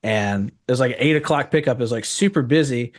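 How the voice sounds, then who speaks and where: A man casually telling a story with lively, laughing retellings of an argument. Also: medium pitch, fairly quick.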